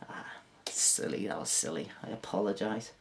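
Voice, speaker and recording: Crude, rambling comedian. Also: male voice, normal speed, gravelly, whispered. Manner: crude, self-mocking, jumps into high silly put-on voices. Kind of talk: rambling stand-up monologue to camera.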